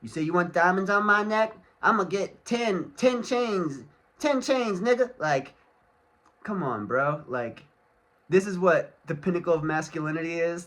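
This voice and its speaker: A man's voice: medium pitch, fairly bright tone. A man ranting angrily to camera in a casual solo vlog, swearing constantly and rambling loosely with many fillers. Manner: angry, profane ranting. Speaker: vlogger.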